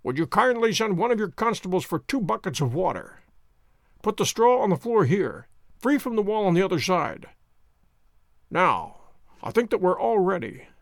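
A man's voice: sits high, very animated, normal speed, gravelly, no echo, clean studio sound, heavily acted. A man reading the lines of a confident, wry detective, poised and commanding in an audiobook. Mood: assured. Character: sharp, confident male detective, theatrical.

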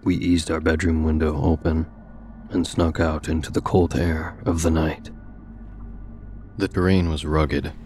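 A male narrator with an extremely deep, low voice reads a scripted first-person story in a steady, measured manner, with soft music playing faintly beneath him.

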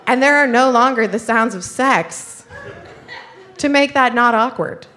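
A woman's voice: a little high, a little slow, noisy background. A young woman telling a comic personal story to an audience, chatty and full of "like", laughing as she goes. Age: young adult.

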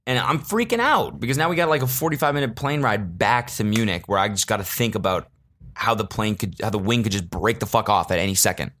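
A man's voice: mid-range voice, expressive, fairly quick, a bit bright. A man hosting a podcast, telling a rambling comic story in a casual, sarcastic way, swearing freely and joking before taking it back. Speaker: podcast host.

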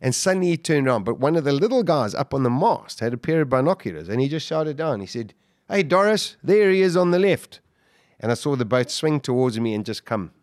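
A man being interviewed, retelling a dramatic story with great intensity and acting out shouts and quoted lines. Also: fast, hardly any pauses, no room sound, studio quality. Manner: vivid, acts out shouts and quotes, voice jumps high when excited. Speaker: guest.

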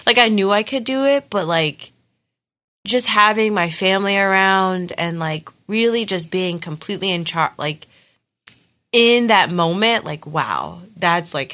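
Bright, forceful, young woman, lively chatty storytelling, casual. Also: on the low side. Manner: animated storytelling with many fillers. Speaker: podcast guest telling her birth story. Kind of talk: casual chat.

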